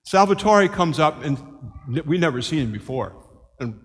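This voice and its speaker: A man in his sixties, a priest preaching a homily as a lively story and acting out the voices of the people in it. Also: on the high side, moderate pace, big-room sound. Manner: animated, acts out quoted voices. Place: church.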